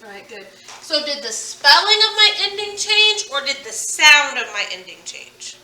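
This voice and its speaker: A woman's voice: sits high, very animated, normal speed, pushed and bright, far from the mic. A woman teaching a phonics lesson, patiently drilling words and asking questions. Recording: echoey room, away from the mic.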